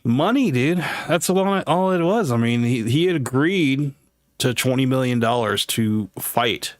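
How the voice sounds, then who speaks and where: A man's voice: medium pitch, expressive, measured pace, no room sound, studio quality. A man hosting a live show, talking loosely in casual commentary full of fillers and restarts. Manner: loose, rambling, heavy on fillers. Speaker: host.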